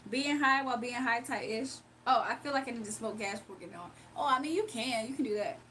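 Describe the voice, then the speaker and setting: Chatty woman livestreamer, slightly high voice. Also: fast talker, bright, forceful tone, slight background noise. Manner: chatty, laughs often, answers viewers directly. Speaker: livestream host reading chat. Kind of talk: casual livestream chat. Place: home, early morning.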